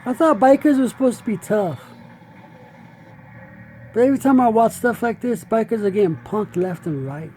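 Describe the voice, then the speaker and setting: A man's voice: high-pitched, normal speed, long pauses, mellow, a little hiss or hum, rough recording. A man hosting a reaction video, giving brash, profane, trash-talking commentary.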